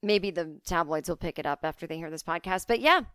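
A woman hosting a podcast, rambling through an absurd comic story in a deadpan way, recorded close on a studio mic. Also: fairly low pitch, brisk, clean tone, no echo. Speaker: podcast host and comedian.

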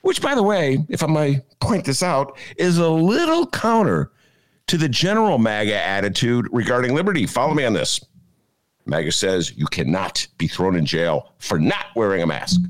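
A man hosting his own podcast from home, delivering sarcastic political commentary in a lively, animated way. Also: mid-range voice, moderate pace. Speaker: podcast host. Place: home apartment.

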